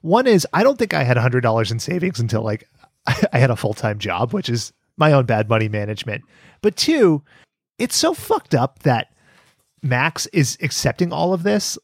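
A man's voice: medium pitch, creaky, no room sound, studio quality. A man hosting a podcast in casual chat, swearing and laughing often. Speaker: podcast host.

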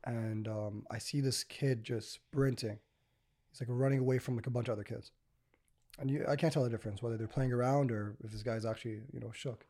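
A man's voice: mid-range voice, fairly even intonation, a little fast, warm tone. A man, hosting a casual podcast and telling stories in a rambling way, full of "like" and "you know". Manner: rambling storyteller, many fillers like "like" and "you know". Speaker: podcast host.

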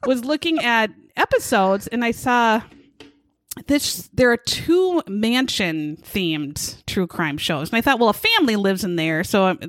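A woman's voice: a little high, lively intonation, unhurried, dry recording. A woman co-hosting a casual podcast, chatty and jokey with crude humor, often laughing as she talks. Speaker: podcast co-host.

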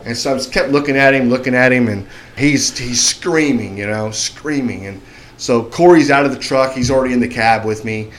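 A man's voice: medium pitch, moderate pace, slight background noise. A man telling a long story on a podcast in casual speech, acting out the voices of people in it. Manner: animated, acts out shouting voices in his story.

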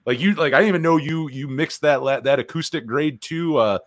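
A man's voice: a little high, brisk, no echo. A man hosting a casual music podcast, loose and swearing, often restarting his questions. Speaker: podcast host.

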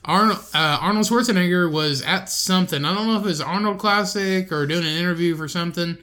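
A man's voice: high voice, fast, sharp tone. A young man co-hosting a podcast, rambling through crude stories and mimicking people as he chats. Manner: rambling, crude storytelling with impressions. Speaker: podcast co-host. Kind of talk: casual chat.

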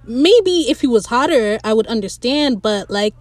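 A young woman gives an animated, blunt recap of a TV episode and laughs easily between her opinions. Her voice sits a little high, and the recording is dry and close, with no room sound. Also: moderate pace, no echo. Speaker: podcast host recapping a TV episode.

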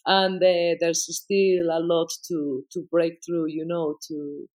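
A speaker with a Spanish accent, whose first language is Spanish, chats in English in a loose, unscripted way. The talk is halting, pitched in the middle range, and packed with restarts and fillers. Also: flat delivery, darkish tone. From Spain. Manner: hesitant, full of fillers and restarts. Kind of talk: casual conversation.

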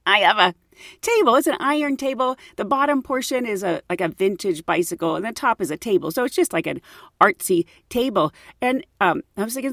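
A woman tells funny personal stories in a lively, swooping voice that sits a little high. She laughs often and acts out her own thoughts as she goes. The sound is close and dry, with no room around it. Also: moderate pace, no echo. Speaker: host telling stories. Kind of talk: casual storytelling.

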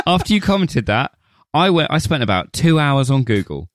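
A man's voice: a little high, sing-song, moderate pace, no echo, clean studio sound. A man co-hosting a casual film podcast, joking and laughing often. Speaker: podcast co-host.

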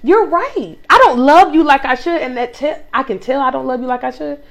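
A young woman hosting a casual faith chat, animated and preachy, who drops into quiet asides. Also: sits high, a little fast. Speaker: podcast host.

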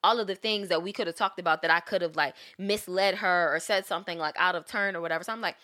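A young woman telling a story in casual podcast chat, animated and profane, acting out quotes with big jumps in pitch. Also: fast.

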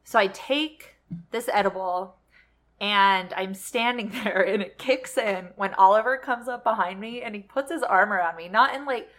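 A young woman telling a story in casual chat, animated and swearing freely. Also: medium pitch, moderate pace.

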